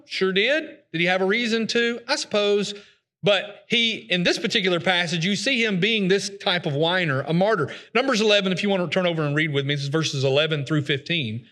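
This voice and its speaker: Folksy, high-voiced man preaching. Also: sharp tone. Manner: conversational, folksy, acts out complainers' voices. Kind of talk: sermon.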